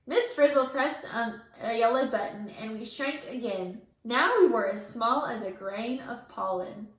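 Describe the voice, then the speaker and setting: A woman teacher reading a picture book aloud to her class, with lively character voices. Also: fairly high pitch, a little slow, hardly any pauses. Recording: echoey room.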